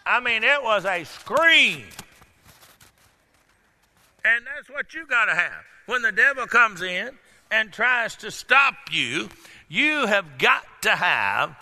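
A male pastor preaching a sermon to a congregation, calling out questions and breaking into sudden shouts. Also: sits high. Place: church hall. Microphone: microphone. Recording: echoey hall.

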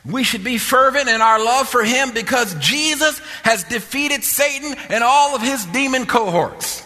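Bright-voiced man preaching with fervor. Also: extremely high pitch, unhurried, in a large hall, soft background music. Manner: impassioned, repetitive preaching cadence. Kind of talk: sermon. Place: church.

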